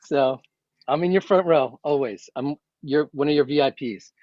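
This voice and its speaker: A man's voice: a little high, normal speed, darkish tone, dry recording. Man guest, enthusiastic, effusive, dry and slightly muffled call audio. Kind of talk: casual chat on a video call. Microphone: video call.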